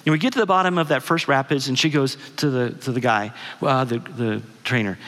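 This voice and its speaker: A man's voice: mid-range voice, a little fast, fairly bright tone. Chatty man preaching in a reverberant hall. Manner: conversational storyteller, asks the audience questions. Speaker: guest speaker. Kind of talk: sermon with personal story.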